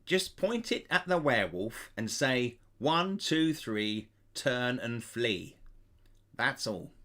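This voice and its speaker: A man's voice: mid-range voice, wildly swooping pitch, measured pace, bright, forceful tone, heavily acted. A man voicing a timid little hooded man who carves bones, sad and fearful at first and proud later.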